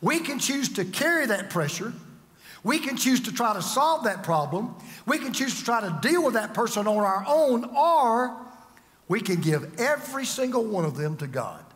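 An older male pastor preaching with a high, lively voice that leaps up and down. He swings from loud to hushed in a dramatic style, with a long reverb from a large hall. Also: normal speed. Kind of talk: sermon.

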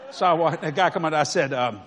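A man's voice: on the high side, fast, a bit bright. A man preaching a sermon through folksy stories, chuckling often and checking that his listeners follow. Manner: folksy, conversational, asks the audience if they follow. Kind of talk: storytelling sermon.

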